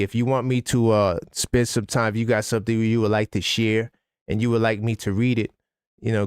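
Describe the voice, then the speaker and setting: A man hosting a live sports talk stream, ranting casually with lots of fillers and sudden jumps in pitch. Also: clean tone, dry recording, clean studio sound. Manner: animated, conversational, frequent fillers. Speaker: sports talk livestream host.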